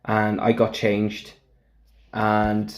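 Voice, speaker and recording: A man's voice: fairly low pitch, normal speed, gravelly, a little mellow. A man co-hosting a podcast, telling a backstage story in casual chat, acting out the quotes and laughing often. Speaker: podcast co-host.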